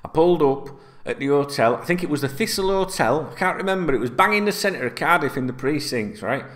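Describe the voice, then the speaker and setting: A middle-aged man rambles through fan chat, swearing freely. His pitch sits a bit high and swings widely. He talks casually to his viewers like an old mate. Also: lively intonation, fairly quick, a bit bright. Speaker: fan channel host.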